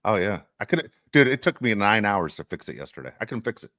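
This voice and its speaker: Fast-talking animated male podcast host. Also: lowish voice, no echo, studio quality. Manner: rambling, animated storytelling. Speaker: youth baseball coach. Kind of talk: casual sports podcast chat.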